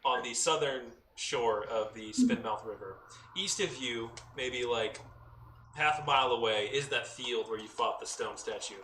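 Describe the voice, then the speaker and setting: A man narrates a tabletop game as its game master, relaxed and full of fillers. His voice is bright and forward. The sound is roomy, with him sitting back from the mic over a faint hiss. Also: mid-range voice, a little slow. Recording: roomy echo, mic at a distance, faint noise.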